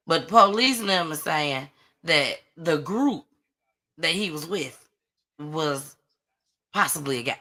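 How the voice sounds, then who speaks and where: A woman hosting a casual live-stream gossip show, chatty and animated as she greets viewers. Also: low-pitched, slow, long pauses. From Atlanta area. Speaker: host of a live online gossip and news show.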